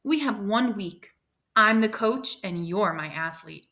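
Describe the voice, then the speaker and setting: A woman reading aloud and voicing a determined, demanding woman tutor who coaches a girl, with firm, brisk emphasis. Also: medium pitch, expressive, pushed and bright.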